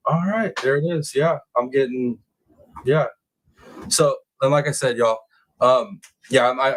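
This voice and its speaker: Poor audio captures a male livestream host in a casual true crime stream, voicing chat comments aloud and erupting in excited, high-pitched outbursts.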